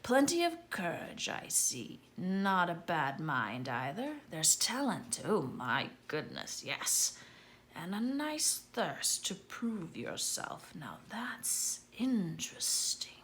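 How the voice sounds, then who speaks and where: A woman voicing an old magical talking hat, murmuring slowly in a hushed whisper. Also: fairly low pitch, very animated, slight background noise, exaggerated voice. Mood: musing.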